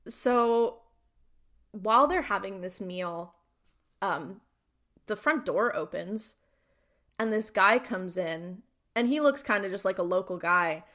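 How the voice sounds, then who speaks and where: A woman's voice: mid-range voice, expressive, slow, pauses often, a bit bright. Woman co-host casually recapping a TV episode. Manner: retells scenes acting out each character's lines, with constant "like". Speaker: podcast co-host.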